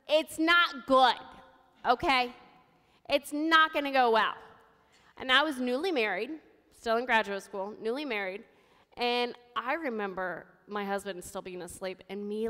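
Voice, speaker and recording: A woman's voice: fairly high pitch, sharp tone, smooth, long reverb tail. A woman in her thirties giving a sermon, telling her own story in a candid, conversational way. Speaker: preacher. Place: church sanctuary.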